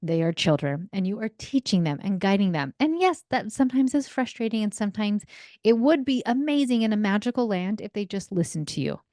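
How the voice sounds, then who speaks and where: A woman in her thirties, a parenting coach hosting a podcast, talking in a chatty, animated way and briefly acting out what kids and parents say. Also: medium pitch, a little fast, dry recording, clean studio sound. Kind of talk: casual solo podcast talk. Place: home in a desert region.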